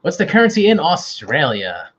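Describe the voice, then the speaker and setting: A man's voice: on the high side, wildly swooping pitch, normal speed, a bit bright, lo-fi sound, slight background noise. A man hosting an online quiz, bantering casually and teasing himself. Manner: joking, self-deprecating banter. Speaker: quiz host.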